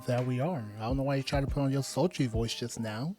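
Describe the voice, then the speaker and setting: A man's voice: mid-range voice, fast talker, warm tone, faint music behind. Laid-back man co-hosting a podcast. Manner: laid-back, teasing, with fillers. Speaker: podcast co-host. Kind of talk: casual chat.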